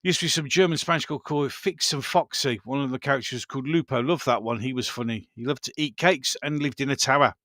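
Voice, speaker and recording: A man's voice: mid-range voice, fast, hardly any pauses, pushed and bright, dry recording, clean studio sound. A man hosting a casual live chat, greeting viewers and reminiscing with enthusiasm, often repeating himself and laughing. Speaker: livestream host.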